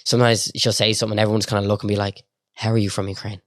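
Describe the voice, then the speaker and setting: A young man speaks with a Dublin accent, rattling along quickly in a low voice. He chats easily, with plenty of fillers. The close mic sits in a dead, dry room. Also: little pitch movement, dry recording. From Ireland. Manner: quick and chatty, lots of fillers. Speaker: guest. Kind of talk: casual interview chat.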